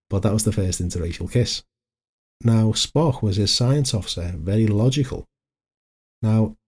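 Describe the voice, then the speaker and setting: Man, middle-aged, husky, dark mellow tone, podcast coach talk. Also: on the low side. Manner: chatty, digressive, anecdotal. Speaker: podcast host, life coach. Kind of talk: solo motivational podcast talk.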